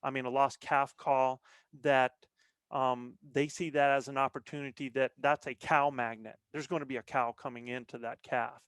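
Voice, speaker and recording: A man's voice: mid-range voice, flat delivery, normal speed, a bit bright, clean tone, dry recording. A man talking as a podcast guest, explaining things earnestly in a casual chat with frequent restarts. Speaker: podcast guest, veteran elk bowhunter.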